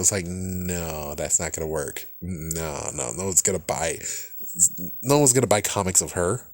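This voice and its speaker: A man's voice: low-pitched, very animated, measured pace, darkish tone, no room sound. A man giving casual ranting commentary on a video, exasperated and profane, rambling from point to point.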